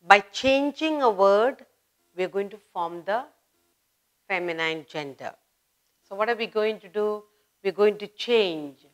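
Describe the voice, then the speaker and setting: A woman with an Indian English accent teaching a beginner grammar lesson, slowly repeating word pairs with emphasis. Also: mid-range voice, a bit bright. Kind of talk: slow classroom grammar lesson.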